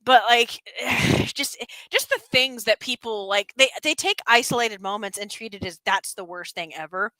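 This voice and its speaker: A woman hosts a laid-back stream, her voice on the higher side and sharply bright. She chats in a lively way, breaking into laughs and excited rants. The sound is dry and close. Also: moderate pace, hardly any pauses, dry recording, low-quality recording. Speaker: streamer host. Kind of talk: casual chat.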